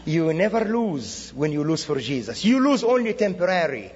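A Middle Eastern man with a husky, fairly high voice preaches at a normal speed as a guest speaker, animatedly telling stories with quoted dialogue. His sermon comes through a dull lo-fi recording of a reverberant church sanctuary.

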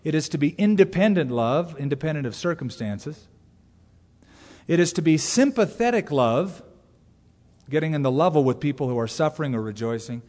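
Pastor preaching in a reverberant hall. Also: male voice, animated, moderate pace. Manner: conversational preaching with sudden loud, high-pitched asides. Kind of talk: sermon. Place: church sanctuary. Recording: long hall reverb from a church.

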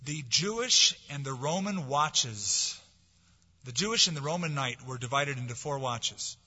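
A man preaching a sermon, swinging from forceful, dramatic lines to soft, hushed ones. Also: mid-range voice, animated, a little slow, slightly rough. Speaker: pastor. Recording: dull lo-fi sound with long hall reverb.

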